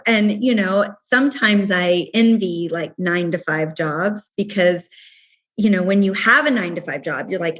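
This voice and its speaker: A woman's voice: on the low side, moderate pace, a bit bright. A woman in her forties, a founder talking candidly and with animation in a casual interview, laughing often. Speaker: guest, company founder.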